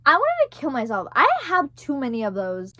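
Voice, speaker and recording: A woman's voice: high voice, huge pitch swings, a little fast, sharp tone, dry recording. A young woman telling a story to her viewers in a loose, rambling way, packing in "like" and "right?" and swearing now and then. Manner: rambling, heavy use of "like" and "right?"; swears casually. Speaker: vlogger. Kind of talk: casual storytelling to camera.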